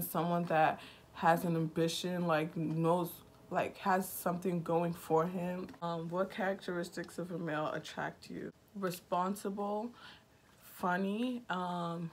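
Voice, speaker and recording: A woman in her twenties from Nigeria chats through a get-to-know-me vlog. She speaks slowly in a flat, monotone way, her humor dry and sarcastic. Her voice sits a little low, with a faint hiss of background noise. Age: 20s. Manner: slow-talking. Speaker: vlogger.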